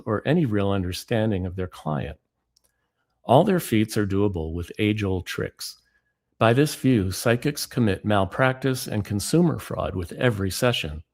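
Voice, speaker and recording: A man with a lowish voice lectures as an author and speaker, reading excerpts from his book in a measured, deliberate manner.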